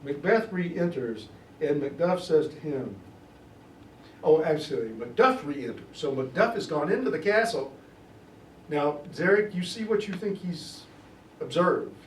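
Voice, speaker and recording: A man's voice: on the high side, animated, a little slow. A middle-aged man tutoring a class, reading Shakespeare aloud and explaining it in plain asides, stretching key words as he goes. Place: classroom in a church tutoring program. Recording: echoey room, distant mic, faint noise.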